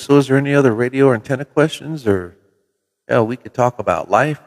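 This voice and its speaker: A middle-aged man from Minnesota hosting a casual livestream from his CB radio shop, telling relaxed folksy stories with mild swearing. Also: mid-range voice, fairly quick, long reverb tail. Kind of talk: casual livestream chat with viewers. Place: CB radio shop in New Mexico.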